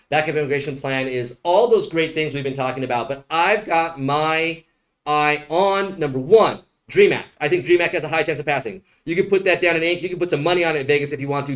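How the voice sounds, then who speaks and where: A man with a slightly raised pitch fields viewer questions on a livestream, talking like a lawyer chatting off the cuff. He is blunt and joking, and he drifts into rambling side stories. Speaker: immigration attorney. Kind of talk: livestream Q&A answering viewer comments.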